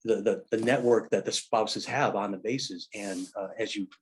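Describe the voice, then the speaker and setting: A middle-aged man and military veteran in casual conversation, telling stories in a halting way full of fillers and restarts. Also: lowish voice, fairly even intonation. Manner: rambling anecdotal storyteller.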